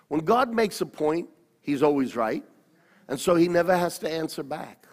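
A man's voice: a little high, big pitch swings, normal speed. Earnest pastor in his sixties. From Australia. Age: 60s. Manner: earnest, storytelling, repeats and corrects himself. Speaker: pastor, interview guest. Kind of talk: personal testimony. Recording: long hall reverb.

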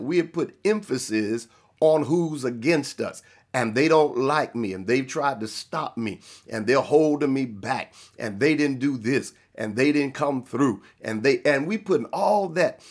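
A man preaching a sermon, with a Black church cadence, repeating phrases and firing rhetorical questions at his listeners. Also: a little high.

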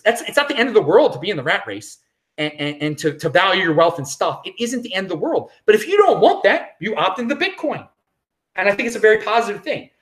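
Vlogger, off-the-cuff opinion talk, blunt, repeats lines for punch, pitch swings up and down freely. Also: fairly bright tone. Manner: blunt and dismissive, repeats phrases for emphasis. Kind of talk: casual opinion commentary.

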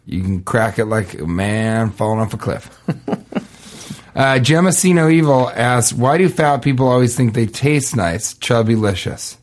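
A man's voice: medium pitch, expressive, a little slow. Male podcast co-host, casual comic reader of listener questions, dry offhand riffs. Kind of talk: casual comedic chat.

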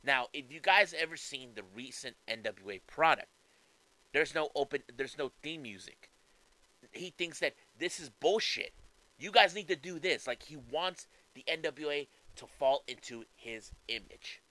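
Animated, bright-voiced man commentating on wrestling. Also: a little high, measured pace, no echo, poor audio. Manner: animated, conversational, fillers and restarts. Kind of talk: casual commentary.

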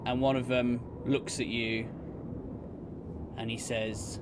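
Man running a tabletop game, slow and descriptive, noisy background. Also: mid-range voice, little pitch movement. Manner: unhurried, descriptive, casual. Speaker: game master.

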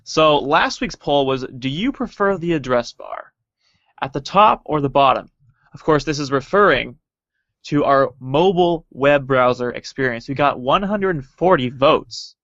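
A man's voice: on the high side, animated, a little slow, a bit bright, no echo. A man co-hosting a casual tech podcast, playful and teasing as he reads out poll results. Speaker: podcast co-host. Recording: dull lo-fi dry sound.

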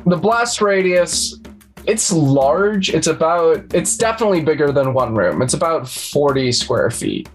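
A game master narrating a tabletop role-playing session at an unhurried, drawn-out pace. The voice sits at an ordinary middle pitch, and the delivery is hesitant, full of ums and restarts. Faint music plays underneath. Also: very animated. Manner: hesitant, many ums and restarts, laughs easily.

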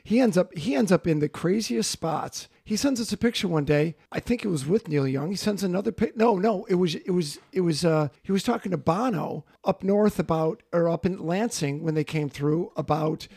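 Male host, raspy and slightly high, rambling casual interviewer. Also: normal speed, hardly any pauses, darkish tone, no echo, studio quality. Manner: chatty, laughs easily, rambling. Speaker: podcast host.

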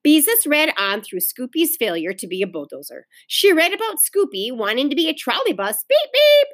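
A woman teacher reading a children's novel aloud to her class, pausing to talk to the children. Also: sits high. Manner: expressive storytelling, pauses to explain to children.

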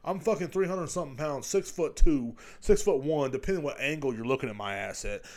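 A man's voice: a little high, a little fast, darkish tone. A middle-aged man hosting a comedy podcast, ranting crudely and mocking voices as he rambles. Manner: profane, rambling, mocking voices mid-rant. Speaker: podcast host.

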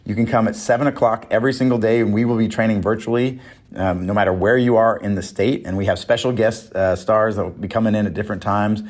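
A man talking as a political organizer, urging listeners to join in, in an energetic casual chat. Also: fairly low pitch, fast.

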